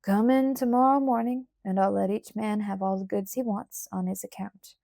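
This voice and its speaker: A woman reader voicing a calm, firm frontier father who speaks quietly to an angry crowd. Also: medium pitch, normal speed, vocal fry, no room sound, studio quality, close to an everyday voice. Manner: quiet and cool.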